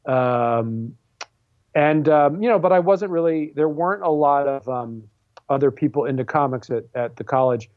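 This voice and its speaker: A man's voice: fairly high pitch, normal speed, no room sound, phone-quality sound. A man in his forties, a comic book artist and writer guesting on an interview show, talking casually with many fillers and restarts. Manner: rambling, self-deprecating, many fillers and restarts.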